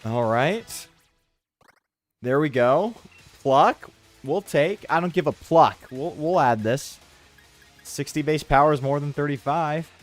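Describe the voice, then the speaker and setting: A man streams a game with casual, sarcastic commentary, his voice sitting a bit high for a man. His pitch swings around a lot as he riffs and jokes, and faint music plays underneath. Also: lively intonation, takes it slowly, pauses often. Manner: sarcastic, riffing and joking. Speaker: let's play streamer.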